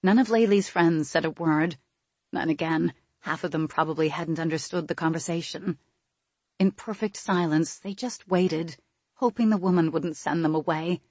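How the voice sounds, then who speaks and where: A woman narrates an audiobook in a low, husky voice with steady, measured storytelling. The recording is close and dry, with no room sound. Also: dry recording.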